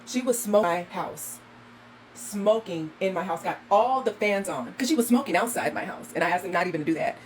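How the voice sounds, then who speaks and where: A woman's voice: mid-range voice, expressive, a little fast, a little hiss or hum. A woman hosting a walkthrough vlog, exasperated and ranting as she films indoors in a condo on a handheld phone. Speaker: host.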